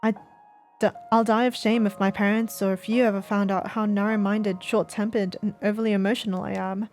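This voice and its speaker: A woman's voice: medium pitch, level tone, a little fast, a little mellow, faint music behind, natural voice. A woman voicing a dejected, self-hating teenage boy in a visual novel, speaking in despair. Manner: despairing, hopeless self-loathing. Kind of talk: voiced visual novel reading.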